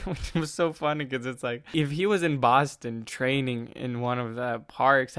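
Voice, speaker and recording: A man's voice: medium pitch, fairly even intonation, measured pace, hardly any pauses, a bit bright, clear, resonant tone, dry recording, clean studio sound. A man hosting a casual solo sports podcast, rambling and chatty, often laughing at himself. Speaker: podcast host.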